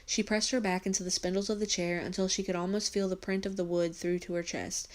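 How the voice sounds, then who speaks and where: A woman, a teacher, reading a novel aloud for her students in a steady storytelling voice. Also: mid-range voice, brisk.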